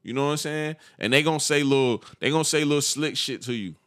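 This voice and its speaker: A man's voice: on the high side, fast talker. A young man co-hosting a casual podcast, telling stories in slang and acting out what other people say. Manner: animated, slangy storytelling with acted-out quotes. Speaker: podcast co-host.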